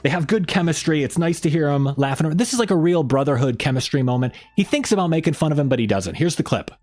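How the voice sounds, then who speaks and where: Talking fast over soft background music, this man hosts a relaxed live-stream chat. He rambles on with frequent fillers and false starts, his voice jumping in pitch when he cracks jokes.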